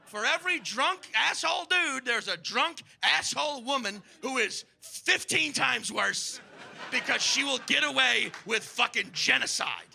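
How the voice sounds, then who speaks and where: A man doing a stand-up comedy set on a club stage, profane and animated, acting out characters. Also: very high-pitched, unhurried, vocal fry.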